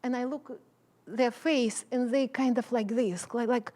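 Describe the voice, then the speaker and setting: A woman's voice: on the high side, fairly even intonation, unhurried, warm tone. A middle-aged woman, a professor giving a keynote speech, talking passionately in English with an accent and non-native phrasing.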